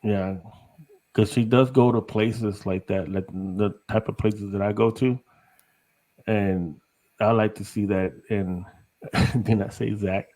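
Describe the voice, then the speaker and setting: A man's voice: on the low side, steady tone, slow pace, pauses often, mellow, rough recording. A middle-aged man from Texas, a guest on a podcast, chatting casually in a rambling way, laughing often and saying "you know" a lot. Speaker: guest, paranormal investigator.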